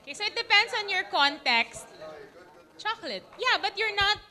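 Bright-voiced woman teaching a class. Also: very high voice, lively intonation. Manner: checks in often with the class, models words slowly. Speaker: English pronunciation teacher. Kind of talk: classroom lesson.

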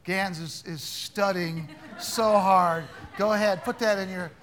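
A man's voice: high voice, steady tone, measured pace, a bit bright. A man teaching an interactive Bible class, quizzing his students in a playful, teasing way.

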